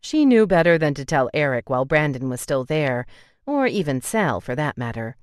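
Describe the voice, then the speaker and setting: A woman's voice: low voice, big pitch swings, moderate pace, dry recording, studio quality. A woman narrating a romance audiobook in an emotive way, voicing the tearful heroine's lines with feeling.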